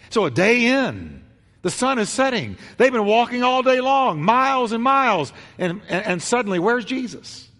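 A man preaching a sermon, telling a story with animated voices and swinging between loud bursts and hushed, quiet lines. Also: high voice. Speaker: pastor. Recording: long hall reverb.

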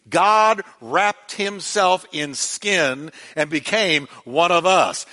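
High, bright-voiced preaching man. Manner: emphatic preaching, repeating key words for weight. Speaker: pastor. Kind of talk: sermon.

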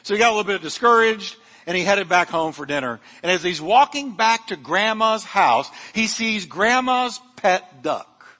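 A man's voice: high voice, animated, moderate pace, few pauses, bright, forceful tone, long reverb tail. A male pastor preaching a sermon, fervent and emphatic, with humorous asides to his congregation. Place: church sanctuary.

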